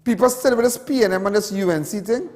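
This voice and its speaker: Emotional Trinidadian man, high voice. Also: quick pace, in a large hall. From Trinidad and Tobago. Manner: emotional, repetitive, rambling with local slang. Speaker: TV show host. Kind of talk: impassioned on-air monologue.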